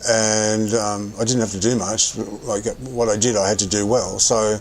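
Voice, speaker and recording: A man's voice: fairly low pitch, level tone, normal speed, slight background noise, poor audio. A man casually telling a rambling anecdote while playing a game, often correcting himself as he goes. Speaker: streamer telling stories while gaming.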